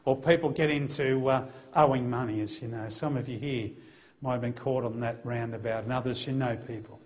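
A man's voice: medium pitch, steady tone, brisk, darkish tone. A middle-aged man, a former police officer, gives a personal testimony to a live audience in a conversational way, acting out the dialogue with a lifted voice. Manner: conversational storyteller who acts out the dialogue, lifting his voice for quotes.

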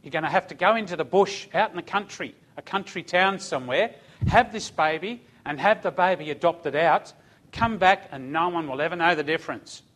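A man doing a brisk, bossy grandmother. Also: on the high side, fairly bright tone. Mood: firm. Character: firm, practical older grandmother.

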